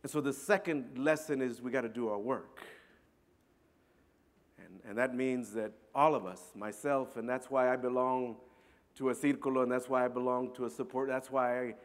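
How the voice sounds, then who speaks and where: A middle-aged man telling a personal story to an audience in an earnest, halting way, often repeating words. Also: medium pitch, fairly even intonation. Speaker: speaker. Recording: long hall reverb.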